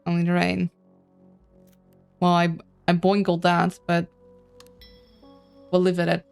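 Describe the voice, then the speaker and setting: A woman with a lowish voice and a fry-edged, gravelly texture talks her way through a story game. She reads the dialogue aloud and adds chatty, playful asides, sometimes tripping over names. Soft music plays faintly behind her. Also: monotone, takes it slowly. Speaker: let's-play streamer. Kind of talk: casual game playthrough, reading on-screen text aloud.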